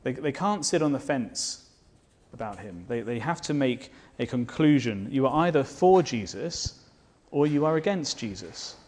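Male preacher, mid-pitched, earnest sermon delivery that builds to fervent declarations. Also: lively intonation, normal speed, a little mellow. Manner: rhetorical questions to the listeners.

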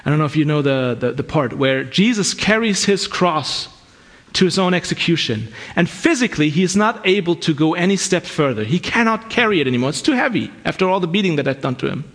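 A man's voice: a little high, animated, brisk, a bit bright. A man preaching a sermon in an earnest, conversational way, often restarting his sentences.

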